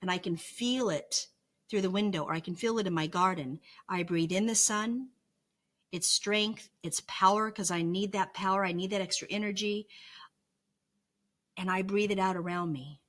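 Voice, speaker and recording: A woman's voice: medium pitch, normal speed, fairly bright tone. A middle-aged woman talking earnestly in a vlog, coaching with repeated phrases and frequent "right?" asides. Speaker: vlogger sharing her recovery lessons. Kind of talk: reflective, teaching vlog talk.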